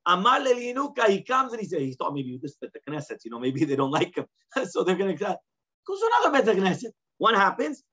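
Husky rabbi teaching a Talmud class. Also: male voice, high-pitched, sing-song, a little fast, sharp tone. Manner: reads Aramaic lines, then explains them in plain English, often asking "right?". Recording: dull lo-fi class recording.

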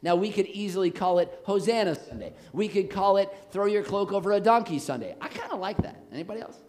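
A man with an American accent, a pastor preaching a lively, jokey sermon in a church on a handheld mic. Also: high voice, quick pace. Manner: animated, jokey, rising to shouts on quotes. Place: church sanctuary. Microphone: handheld microphone, later switched off.

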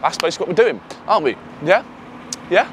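A young man hosting a prank vlog outdoors in a city centre, swearing often and breaking into shouts. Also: sits high, quick pace, a little hiss or hum. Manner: swearing, excitable, bursts into shouting. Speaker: prank video host. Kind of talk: casual prank vlog chat.

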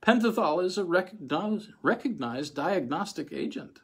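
Brief: male reader voicing a composed doctor, patient, firm explanations, husky. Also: sits high, animated, moderate pace, voice pushed up, exaggerated voice. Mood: insistent. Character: brisk, patient male psychiatrist.

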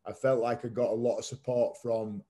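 A man in his thirties speaks as a podcast guest in a mellow, mid-range voice that's brisk and flat. He relates his story frankly and casually, cursing here and there and filling it with "like."

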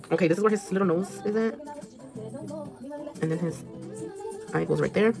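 A woman's voice: on the low side, normal speed, creaky, pauses often, darkish tone. Chatty woman livestreaming her nail work. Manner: chatty, swears casually, mixes in Spanish, reads viewer comments aloud. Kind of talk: casual livestream chat while working. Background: music playing.

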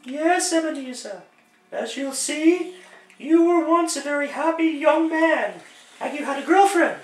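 A man voicing a towering female ghost of the past in a lofty, drawn-out falsetto, in a one-man comedic radio play. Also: lively intonation. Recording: roomy echo, distant mic.

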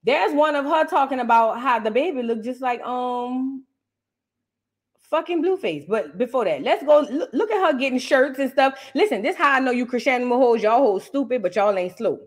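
A woman's voice: high voice, animated, moderate pace. A woman hosting a casual reaction show, talking in a brash, mocking and profane way. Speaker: host.

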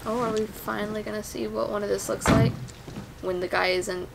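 A woman giving casual, excitable reaction commentary on a movie, gasping and chatting with plenty of fillers. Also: mid-range voice, brisk, vocal fry, background noise.

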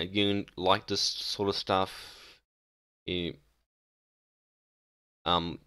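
A man's voice: sits low, sharp tone, smooth, dry recording, studio quality. A young man talking casually and hesitantly about game maps, with many ums and restarts. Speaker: gaming video creator. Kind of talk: casual game map ranking commentary.

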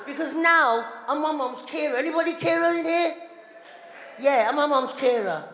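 A middle-aged woman doing a live stand-up routine, loud and chatty with the crowd. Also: sits high, moderate pace. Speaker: stand-up comedian. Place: large hall on stage before a live audience. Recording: echoey hall, live audience noise.

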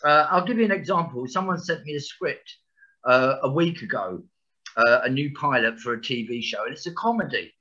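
A man's voice: mid-range voice, expressive, fairly quick, pushed and bright, muffled recording. A man in his sixties, an actor guest in a podcast interview, talking frankly and bluntly with swearing and frequent restarts. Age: 60s.

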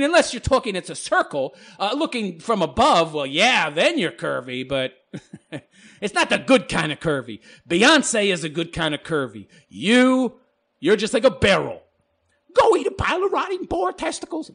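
A man reads viewer comments aloud on his own channel and answers them with scorn. His voice sits high and swings widely in pitch. He rambles and laughs as he goes. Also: pushed and bright. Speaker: channel host responding to comments. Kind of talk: mocking commentary monologue.

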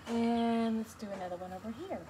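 A painting instructor gives a relaxed, step-by-step tutorial for a beginners' class, chatty and encouraging as she explains each brushstroke. Her voice is fairly high and steady, and she talks briskly. Noticeable background noise runs through the recording.

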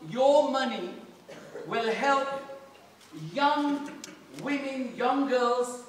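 A British parliamentarian giving an earnest fundraising speech at a charity dinner, speaking in halting phrases. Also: male voice, extremely high pitch, a little hiss or hum. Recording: echoey hall from far off.

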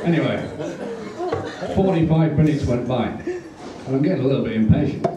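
British man doing deadpan stand-up. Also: mid-range voice, muffled recording, very noisy. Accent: British English. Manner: deadpan storytelling with punchline pauses. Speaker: stand-up comedian. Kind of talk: stand-up comedy set. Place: comedy club stage with audience. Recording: roomy live club audio from a distance. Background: audience laughter.

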